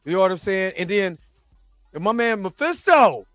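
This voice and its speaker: A man's voice: high voice, sing-song, normal speed, a bit bright, dry recording, faint music behind. A man hosting a reaction show, recapping episodes in a loose, slangy, rambling way full of restarts and asides.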